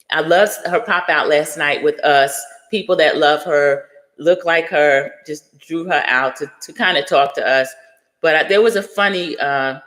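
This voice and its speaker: A woman's voice: low voice, a bit bright, long reverb tail. A middle-aged woman hosting a casual livestream, chatting and greeting viewers by name. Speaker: livestream host.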